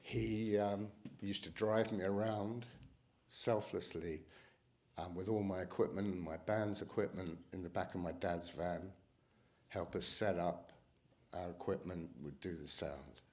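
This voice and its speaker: A man speaking at a memorial reception about his late cousin, emotional and halting, with frequent ums. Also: low-pitched, steady tone, darkish tone. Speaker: cousin giving a eulogy. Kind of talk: memorial speech. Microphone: microphone.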